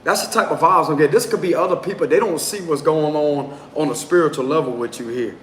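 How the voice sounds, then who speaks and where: Slangy tarot reader in a roomy space. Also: male voice, fairly high pitch, quick pace, a bit bright. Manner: casual and slangy, prone to giggles. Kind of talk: casual live tarot reading. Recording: roomy echo, faint background noise.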